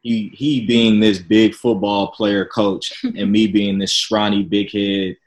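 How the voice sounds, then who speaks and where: A young man from Chicago, a podcast guest, telling his story in a relaxed, chatty, self-deprecating way. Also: on the low side, slow, poor audio. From Chicago, Illinois. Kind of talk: casual interview storytelling.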